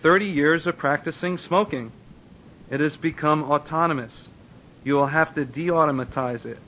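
A man's voice: on the high side, moderate pace, bright, forceful tone, a little hiss or hum. Man reading aloud expressively, dull lo-fi sound. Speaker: reader. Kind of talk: reading a book passage aloud with asides.

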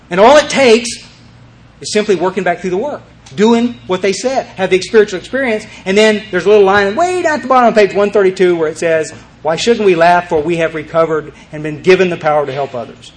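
Man, high voice, recovery-meeting speaker, emphatic and rambling, lots of restarts. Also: animated, fast. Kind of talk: storytelling talk to a group.

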